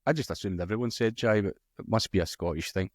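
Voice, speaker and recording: A man's voice: fairly low pitch, fast, no echo, clean studio sound. Easygoing man co-hosting a darts chat. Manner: relaxed, chuckles often, reads out match results. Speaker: co-host of a darts podcast. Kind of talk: casual chat.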